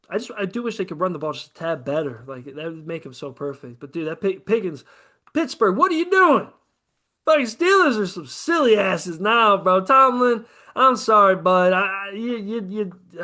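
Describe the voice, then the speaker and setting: High-voiced rambling guy talking football. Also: moderate pace. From American Midwest. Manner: rambling, profane, animated. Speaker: podcast co-host. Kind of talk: casual sports chat.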